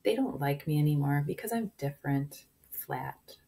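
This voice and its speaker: An earnest, plaintive young boy from a storybook, read aloud by a woman. The voice stays low and mellow, speaking simply and sadly. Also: animated, normal speed. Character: frightened flat boy hero, polite.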